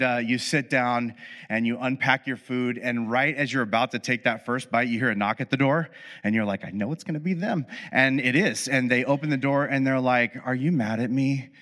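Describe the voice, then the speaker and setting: A man's voice: medium pitch, fairly even intonation, brisk, sharp tone. A man explaining relationship patterns in a casual monologue, speaking to the listener as "you" and acting out both sides of everyday arguments. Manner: conversational, addresses listener as "you", acts out both sides of dialogues; frequent fillers and restarts, self-mocking asides. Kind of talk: explanatory monologue with acted scenarios. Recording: reverberant room.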